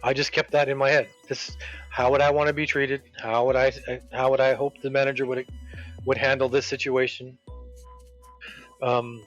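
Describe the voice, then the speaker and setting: A man casually telling a workplace story while streaming a game, quoting people with animated voices. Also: mid-range voice, normal speed. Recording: dull lo-fi with game music.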